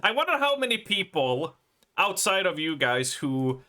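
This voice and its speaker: A man in his thirties talks loosely to his stream chat, wandering from thought to thought and breaking into laughs. His voice sits a little high and comes across bright and forward. He sounds like a streamer talking into a desk mic at home. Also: very animated, moderate pace. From Sweden. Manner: rambling, laughing, swearing. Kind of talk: casual live-stream chat.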